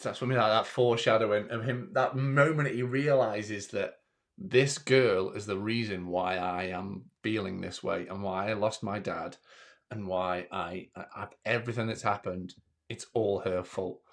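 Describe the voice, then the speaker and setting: A man with a lowish voice talks through a horror film on a casual podcast. He is earnest and stumbles over restarts, sometimes acting out what the characters say. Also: steady tone, normal speed. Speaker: podcast guest, horror reviewer.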